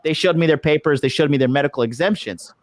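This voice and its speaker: A man ranting through a travel story on a podcast, swearing freely and jumping into voices for the people he argued with. The sound is dry and close, with no room around him. He is loose and heated, and the story never slows down. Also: on the high side, no room sound. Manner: profane, animated retelling with acted quotes. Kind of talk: casual storytelling. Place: lives abroad in Japan.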